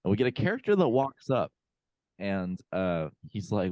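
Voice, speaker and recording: A man's voice: on the low side, sing-song, moderate pace, darkish tone, no room sound. A man co-hosting a podcast, casually recapping a movie with lots of fillers and quoted lines. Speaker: podcast co-host. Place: home room, remote call.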